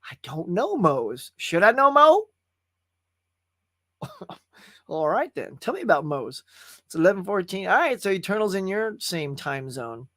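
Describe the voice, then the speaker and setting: Hosting a live movie chat stream, this man talks directly to his viewers in a casual, folksy way, frequently saying "y'all." His high voice swings widely in pitch with a sharp tone, at a measured pace with frequent pauses, and the recording is dry and studio-clean.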